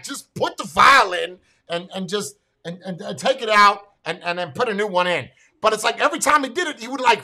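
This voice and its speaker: A man ranting through a casual, profane story, excitable and full of stumbling restarts. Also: high-pitched. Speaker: military veteran telling a story.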